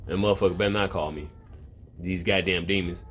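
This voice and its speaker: A man's voice: low voice, steady tone, a little fast, soft background music. Rambling, profane man. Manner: loose, rambling, heavy swearing, often interrupted. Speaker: online video host. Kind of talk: profane comedic commentary. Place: at home, with a cat in the room.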